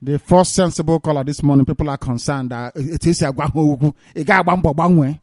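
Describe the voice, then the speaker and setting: A man's voice: on the high side, brisk, no room sound, clean studio sound. Emphatic man hosting a call-in radio show. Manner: emphatic, repetitive preaching talk. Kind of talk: live call-in radio broadcast.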